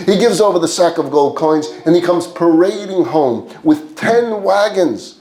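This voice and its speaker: Animated storytelling rabbi, roomy echo. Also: male voice, sits high, unhurried, hardly any pauses. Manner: animated storyteller acting out voices. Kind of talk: storytelling sermon.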